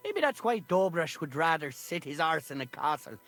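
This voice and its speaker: Sly Irish knacker. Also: male voice, on the high side, big pitch swings, moderate pace, a bit bright, soft background music. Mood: scheming. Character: sly greedy male knacker villager, scheming.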